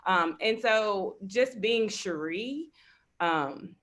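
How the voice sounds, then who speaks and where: A woman's voice: mid-range voice, animated, very slow, fairly bright tone. A woman from Kentucky speaking as a panelist in a discussion, earnest, with dry sarcastic asides.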